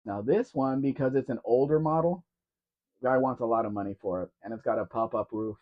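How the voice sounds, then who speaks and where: A man's voice: mid-range voice, fairly quick. A man co-hosting a casual live question-and-answer stream, musing offhand about old cars. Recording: dull lo-fi stream audio.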